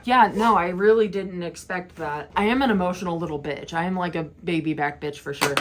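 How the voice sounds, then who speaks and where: A young woman who makes music reaction videos chats casually as she responds to an album, giggling and tearing up. Her fairly low voice runs a bit fast, with music playing loudly in the noisy background.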